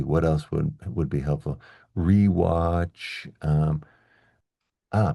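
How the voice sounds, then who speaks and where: A man teaching English pronunciation in an online lesson, slowly stretching out example sentences and chatting in relaxed asides. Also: rumbling low, dry recording, studio quality. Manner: slow, exaggerated demonstration of stressed syllables.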